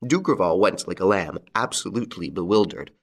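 A man narrating a classic crime story aloud in an expressive, dramatic way. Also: sits low, a little fast. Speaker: audiobook reader.

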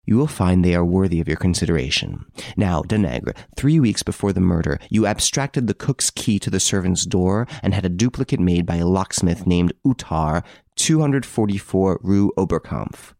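A man's voice: low voice, expressive, moderate pace, creaky, a little mellow, no room sound. A man reading an audiobook, voicing a cool, menacing middle-aged ex-detective who speaks in a dry, hard, precise way. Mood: cold, assured.

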